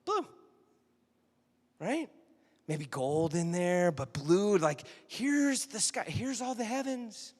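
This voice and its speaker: A man's voice: high-pitched, very animated, slow, long pauses, big-room sound. A man preaching a sermon in a conversational, storytelling way, often asking the audience questions. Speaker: pastor.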